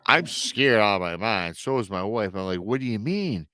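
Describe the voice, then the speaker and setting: A man in his thirties, a podcast guest, telling a personal paranormal story in a casual, animated way and acting out the people he quotes. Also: lowish voice, normal speed. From Michigan.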